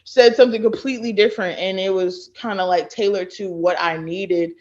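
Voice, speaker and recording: A woman in her late twenties from Texas, a podcast guest who tells stories in a lively way and acts out what others said. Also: medium pitch, brisk. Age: late 20s. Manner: animated storyteller who acts out quoted people. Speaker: guest, former college thrower. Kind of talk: casual podcast interview. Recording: dull lo-fi sound.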